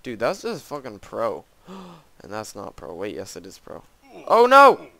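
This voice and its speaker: Here the gamer's lowish, gravelly voice is very animated and moves at a moderate pace as he plays a custom map. He keeps gasping, exclaiming and making fun of himself in this relaxed let's-play.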